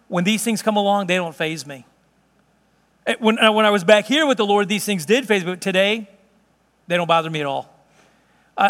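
A middle-aged man with a notably high voice delivers a sermon, talking plainly and telling stories as he goes. His voice carries a long reverb, as if he is in a big church hall. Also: a bit bright. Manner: conversational, storytelling with laughs. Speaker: pastor.

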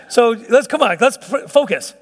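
Brief: middle-aged male pastor, high-pitched, earnest and chatty, church hall with long echo. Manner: earnest, conversational preaching with frequent restarts and chuckles. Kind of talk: sermon.

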